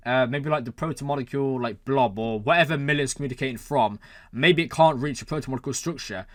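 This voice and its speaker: Here a reaction-channel host, a man, speaks briskly at a medium pitch in clean studio sound with no echo. Excited about a TV episode, he reasons aloud, exclaiming often and using many fillers.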